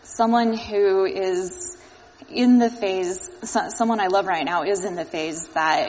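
A woman's voice: medium pitch, fairly even intonation, slow pace, a little mellow, slight background noise. A woman hosting a casual discussion, chatty and lightly teasing, explaining points as she goes. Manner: chatty, teasing, quotes others while explaining. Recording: reverberant room.

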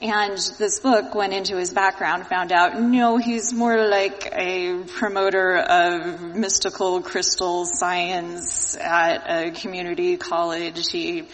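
A woman's voice: fairly low pitch, fairly even intonation, slow pace, hardly any pauses, slight background noise. A woman hosting a casual discussion, chatty and lightly teasing, explaining points as she goes. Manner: chatty, teasing, quotes others while explaining. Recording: reverberant room.

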